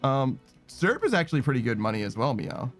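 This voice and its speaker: A man's voice: medium pitch, big pitch swings, fairly bright tone, faint music behind. Laid-back streamer man saying "meow" constantly. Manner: tacks a quick "meow" onto nearly every phrase; rambling, laid-back, swears casually. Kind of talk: casual gaming stream chat.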